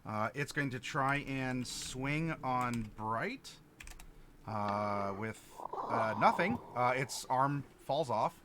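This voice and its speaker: A man's voice: medium pitch, takes it slowly, noisy background. A man running a tabletop game as game master, talking casually with many fillers and laughs.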